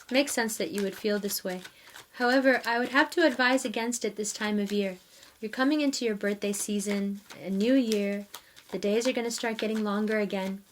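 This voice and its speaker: A woman's voice: on the high side, fairly bright tone, a little hiss or hum. A woman giving a casual tarot reading, talking straight to her viewers in a chatty way and laughing often. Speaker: tarot reader.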